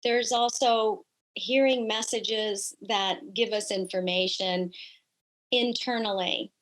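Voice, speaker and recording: A woman's voice: medium pitch, steady tone, takes it slowly, a bit bright, rough recording. Woman, middle-aged, guest, personal storytelling, earnest, reflective, filler-heavy.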